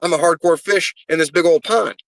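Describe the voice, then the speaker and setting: A man's voice: fairly high pitch, steady tone, brisk, gravelly, a bit bright, no echo, rough recording. A man, a pro wrestler, cutting a brash, profane promo and rambling and stammering through interview answers.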